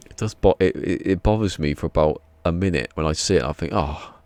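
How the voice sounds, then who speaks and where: A man's voice: deep voice, fairly quick, a little mellow, clean tone, dry recording. A man with an English accent chatting casually on a live stream, rambling and chuckling as he reads the chat, a little drowsy. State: a bit drowsy.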